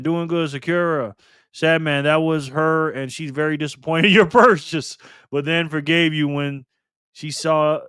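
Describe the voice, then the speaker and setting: A man's voice: fairly high pitch, a bit bright, smooth, no echo, studio quality. Teasing man hosting a live stream. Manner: playful, teasing, greets chatters by name. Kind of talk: casual live-stream chat.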